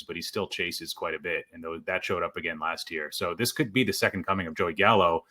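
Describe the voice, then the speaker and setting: A man's voice: sits low, bright, forceful tone. A man hosting a podcast, talking casually with frequent fillers and restarts. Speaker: podcast host. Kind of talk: casual chat.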